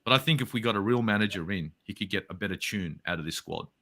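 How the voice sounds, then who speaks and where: A man's voice: on the low side, fast, bright, forceful tone. An Australian man, a football fan guest in a casual interview, ranting heatedly and swearing a lot.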